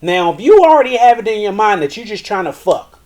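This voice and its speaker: A man's voice: high voice, big pitch swings, fairly quick, darkish tone. A man hosting a live show from a porch, giving blunt, profane relationship commentary. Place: porch, outdoors.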